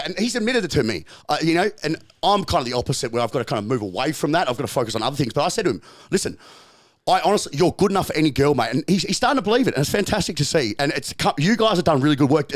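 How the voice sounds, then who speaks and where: A man's voice: fairly high pitch, expressive. A man with an Australian accent, a podcast guest telling stories in casual chat, swearing often, with emphatic restarts and repeated phrases. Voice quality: profane, emphatic storytelling. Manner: repetitive restarts and rapid bursts.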